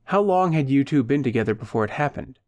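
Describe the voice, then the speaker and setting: A man voicing a calm, calculating male hired punisher who speaks in firm, measured tones. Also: medium pitch, no echo, studio quality, natural voice. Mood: calm businesslike.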